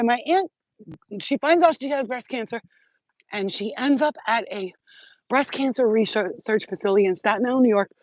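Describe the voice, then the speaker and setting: Lady healer rambling on her live, swears a lot, kinda high voice, no room echo at all. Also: highs cut off. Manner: animated, profane, rambling. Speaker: spiritual healer and psychic. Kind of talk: rambling livestream monologue.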